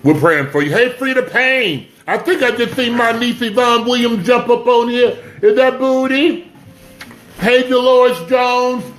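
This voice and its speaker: High-voiced chatty man hosting a livestream. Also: fairly even intonation, measured pace. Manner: chatty, shouts out viewers, urges sharing. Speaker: livestream host. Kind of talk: casual livestream chat. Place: home, indoors.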